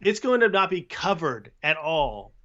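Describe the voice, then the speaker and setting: A man's voice: fairly high pitch, big pitch swings, a little slow, bright, forceful tone. Emphatic male co-host on a dull line. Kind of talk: casual political commentary.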